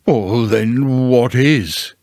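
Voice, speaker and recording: A man's voice: on the low side, a bit bright, dry recording, clean studio sound, voice pushed down. Eeyore, a mournful old donkey, as a man puts him on. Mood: gloomy. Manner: slow, mournful and sighing. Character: gloomy old grey male donkey.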